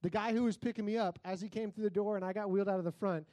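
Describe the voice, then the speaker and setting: A male pastor preaching a sermon in a conversational, storytelling way, sometimes breaking into loud comic outbursts. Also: sits high, steady tone, racing, no echo.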